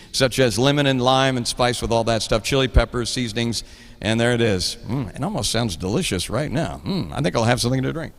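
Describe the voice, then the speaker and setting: A man's voice: medium pitch, fairly bright tone, big-room sound. Chatty Oklahoma man hosting a live show. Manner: chatty, laughs often, reads trivia aloud. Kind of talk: casual live show chat.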